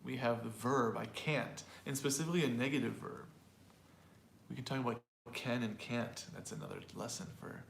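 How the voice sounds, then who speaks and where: Man, language teacher, chatty online pronunciation lesson, repeats example phrases, middle pitch, echoey room. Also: moderate pace, vocal fry, slight background noise. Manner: loose and chatty, with fillers and small laughs.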